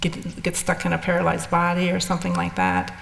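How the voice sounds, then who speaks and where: In a fairly quick, lowish voice that's gravelly and rather flat, an older woman shares her experiences. She's frank and meandering, often starting over, and a hall's long echo hangs on everything she says.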